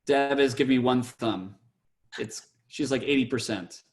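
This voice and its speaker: A man's voice: medium pitch, moderate pace. A man teaching a cantor's class on a video call, chatty and playful, slipping into chant.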